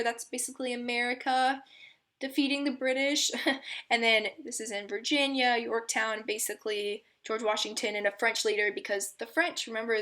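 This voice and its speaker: Young woman, slightly high voice, student presenter walking through history in a loose, filler-heavy, giggly way. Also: a bit bright. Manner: chatty, filler-heavy with frequent um and like, giggly asides. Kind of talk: casual history explainer.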